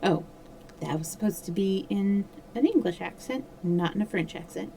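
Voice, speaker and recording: A woman reading a mystery novel aloud on a livestream, steady with small slips and self-corrections. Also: mid-range voice, moderate pace, vocal fry, slight background noise, rough recording. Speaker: storyteller.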